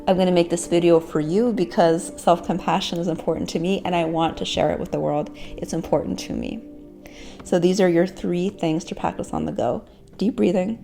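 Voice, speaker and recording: Calm woman teaching gentle self-compassion. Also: fairly low pitch, vocal fry, faint music behind. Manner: calm, slow guided breathing count. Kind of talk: guided self-help lesson.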